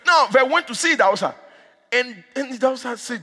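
A male preacher delivering a fervent sermon with commanding declarations, in a husky voice. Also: very high voice, expressive, fast talker, bright, forceful tone. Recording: echoey hall.

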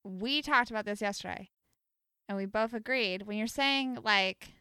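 A young woman co-hosting a casual chat show, giving animated, opinionated takes on food habits. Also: medium pitch, moderate pace, smooth, dry recording, studio quality. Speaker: podcast co-host.

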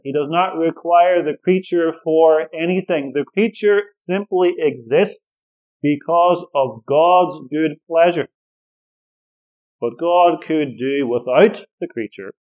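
A man preaching a sermon as pastor, measured and emphatic, leaning on repeated phrases. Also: on the high side, a little mellow. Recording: dull lo-fi recording.

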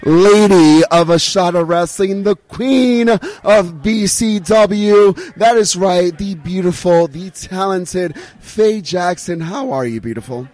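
High-voiced showy male interviewer. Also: takes it slowly, few pauses. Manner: showy announcer, flattering. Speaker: backstage interviewer. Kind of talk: hype interview.

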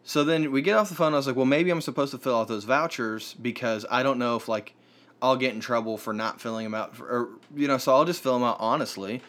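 A man's voice: mid-range voice, fast talker, fairly bright tone. A man telling a long story in casual chat, rambling with fillers and restarts.

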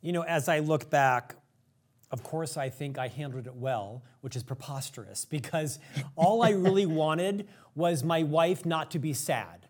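Male host, slightly high voice, candid self-deprecating storyteller. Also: lively intonation, measured pace. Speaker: podcast host. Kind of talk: conversational interview storytelling.

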